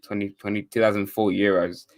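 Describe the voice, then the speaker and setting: Brisk and level in tone, his voice sits on the low side. This young English streamer chats casually during a watchalong, reading comments from viewers, rambling, correcting himself, and tossing in wry sarcasm.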